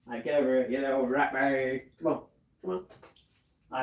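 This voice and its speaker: A man's voice: mid-range voice, little pitch movement, a little fast, pauses often, dull audio. A man live streaming, chatting casually and reading viewer comments aloud, often laughing.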